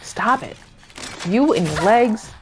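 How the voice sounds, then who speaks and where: A woman's voice: fairly high pitch, animated, slow pace, soft background music. A woman streamer giving casual let's-play commentary, jokingly scolding the enemies and characters on screen. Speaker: gaming streamer.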